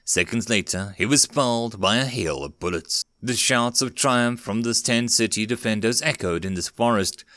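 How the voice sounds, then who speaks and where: A man narrating a dramatic story in a steady reading voice. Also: lowish voice, moderate pace, few pauses, no echo, clean studio sound.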